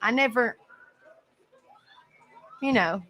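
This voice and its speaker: A woman's voice: fairly high pitch, extremely slow, sharp tone, low-quality recording. A woman hosting an open panel in casual chat, rambling with lots of fillers and frequent giggles.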